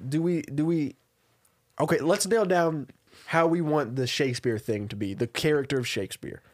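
A man's voice: a little high, moderate pace, a little mellow. A man co-hosting a podcast, enthusiastic and musing in casual brainstorming chat. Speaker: podcast co-host.

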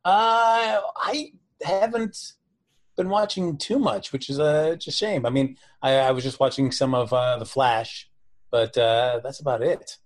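A man on a casual chat panel, speaking haltingly with fillers and pauses. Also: medium pitch.

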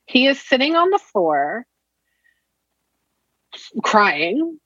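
A woman's voice: a little high, very animated, drawn-out words, sharp tone, no echo. A woman from Virginia, a counselor and mother, chatting candidly and animatedly in a podcast interview. She swears casually as she tells stories. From Virginia, USA. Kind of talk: casual conversation, storytelling. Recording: dull, dry lo-fi sound.

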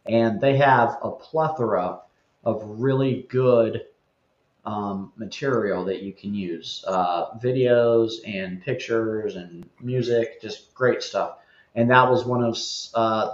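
A man with a mid-pitched voice talks as a guest, wry and talkative. His voice comes over roomy, dull remote audio. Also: takes it slowly. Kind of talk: casual chat.

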